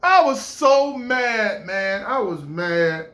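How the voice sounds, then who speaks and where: A man telling a casual comic story, animated and stammering, jumping up in pitch and volume at the big moments. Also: takes it slowly, few pauses. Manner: animated, stammering, rising into shouts. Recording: roomy echo.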